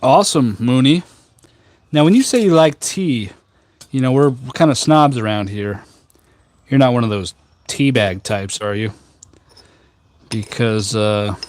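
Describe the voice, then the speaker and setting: A man hosting a casual tea live stream outdoors on a rooftop garden, chatting with viewers in a jokey, rambling, deadpan way with many fillers. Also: medium pitch, unhurried, long pauses. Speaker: tea livestream host.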